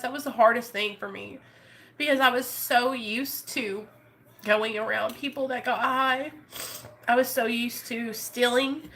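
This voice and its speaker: A woman vlogger speaks straight to her viewers, openly emotional and earnest. Her voice sits a little high and sounds bright and tense. She rambles and restarts her sentences as she talks. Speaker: YouTuber. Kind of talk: heartfelt live chat with viewers.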